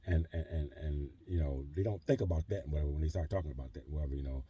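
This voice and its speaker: Male vlogger, middle-aged, very dark and mellow tone, loose filler-heavy monologue. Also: very deep voice, rapid-fire, breathy edge. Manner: rambling, heavy on fillers like "you know" and "whatever". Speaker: vlogger living in a truck camper. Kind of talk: casual rambling monologue. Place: truck camper in a trailer park.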